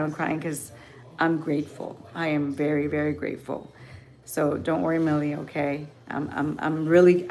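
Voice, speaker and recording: A middle-aged woman from Texas hosting a livestream, talking emotionally and haltingly to her viewers with many restarts. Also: sits low, gravelly. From Texas, Rio Grande Valley. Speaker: livestream host. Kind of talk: casual chat with viewers.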